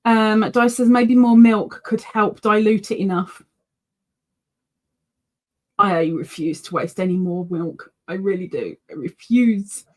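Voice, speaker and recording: A British woman hosts a casual live yarn stream, speaking slowly in a medium-pitched voice. She rambles chattily, full of fillers and restarts, and now and then coos baby-talk at her pet.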